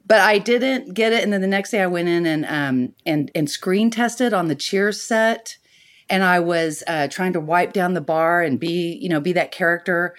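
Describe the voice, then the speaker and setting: Lively storytelling actress. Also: female voice, on the low side, normal speed. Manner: animated storyteller, laughs often, acts out quotes. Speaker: guest actress. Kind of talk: casual anecdote telling.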